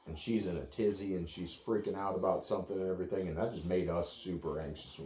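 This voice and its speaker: A man with a deep, warm voice talks dog owners through their dog's behavior. His delivery is calm, steady and plain-spoken. The room around him echoes. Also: quick pace. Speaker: dog trainer. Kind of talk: explaining to clients.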